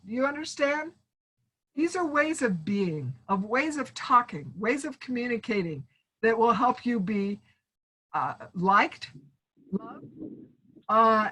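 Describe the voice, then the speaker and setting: A woman's voice: fairly high pitch, rough recording. Encouraging woman coaching on a video call. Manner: warm encouraging, addresses listeners as friends; acts out sample phrases in asides. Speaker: speaking coach. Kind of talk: online training talk.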